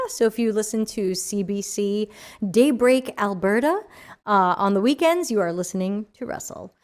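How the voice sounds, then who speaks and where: Reading questions from chat aloud, this fairly high-pitched woman runs a casual livestream AMA in an animated, talkative way. An hour in, fatigue has crept into her voice.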